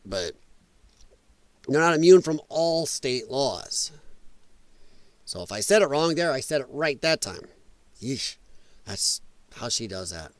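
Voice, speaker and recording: A man's voice: medium pitch, big pitch swings, slow, pauses often, dry recording. A man hosting a live stream, reacting to clips with sarcastic, mocking commentary and frequent laughter. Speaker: live-stream podcast host.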